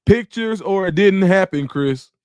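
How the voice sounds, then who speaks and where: A man's voice: high-pitched, a little slow, clean tone, no room sound. Chatty man hosting a livestream. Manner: animated, talks to the chat, reads comments aloud. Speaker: livestream host. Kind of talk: casual livestream chat, reading comments.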